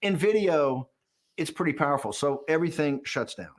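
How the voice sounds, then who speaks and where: Animated, storytelling man in his sixties. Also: a little high, normal speed. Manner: animated storyteller acting out quoted dialogue. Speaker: interview guest. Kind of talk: candid documentary interview.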